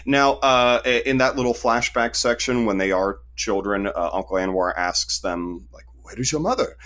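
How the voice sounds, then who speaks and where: A man co-hosting a casual film review chat, joking in a deadpan way. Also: fairly low pitch, moderate pace. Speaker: podcast co-host.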